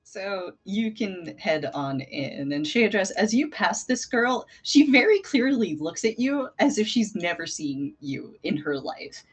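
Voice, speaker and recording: Husky gm lady narrating the game, lively swooping voice, playful. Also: mid-range voice, unhurried, hardly any pauses, rough recording. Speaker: game master.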